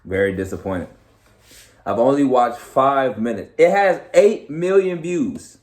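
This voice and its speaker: A man's voice: mid-range voice, expressive, a little slow, darkish tone. A man hosting a reaction video, giving dry, unimpressed remarks in casual commentary. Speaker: host reacting to clips.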